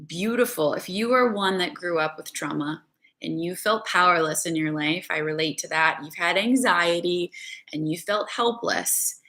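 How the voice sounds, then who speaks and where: A woman's voice: on the low side, pushed and bright. A woman spiritual coach giving an earnest, conversational motivational talk and often checking in with "right?".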